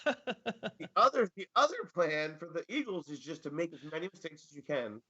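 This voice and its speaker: Brief: male fantasy football co-host, rambling and wry, bright slightly raised voice, lo-fi sound. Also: on the high side, very animated, normal speed, husky. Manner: rambling, hedging with many fillers, dry jokes. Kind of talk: casual sports podcast chat.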